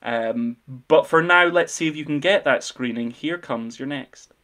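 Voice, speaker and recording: A man's voice: fairly high pitch, measured pace, pushed and bright. A man hosting a film podcast, playful and enthusiastic as he quizzes his co-host. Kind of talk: casual chat.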